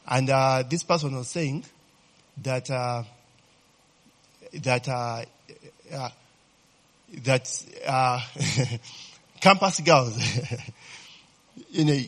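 A man's voice: mid-range voice, slightly rough. A middle-aged man with a Ugandan English accent gives a rambling, joking talk to an audience. He often laughs, teases his listeners and quizzes them as he goes. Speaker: speaker addressing an audience. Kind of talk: informal talk to a crowd.

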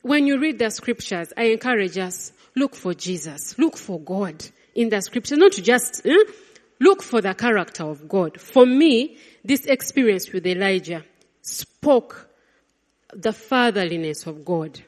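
A woman preaching a sermon, swinging between loud exclamations and hushed, quiet lines. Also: mid-range voice, sing-song, measured pace. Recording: long reverb of a large hall.

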